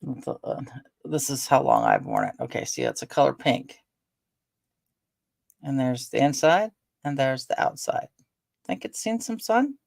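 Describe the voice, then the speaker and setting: Older woman, casual rambling vlog chat with a raspy fry, close and dry. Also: extremely low pitch, big pitch swings, a little slow, long pauses, darkish tone, dry recording. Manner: rambling, chatty, with frequent fillers. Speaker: vlogger.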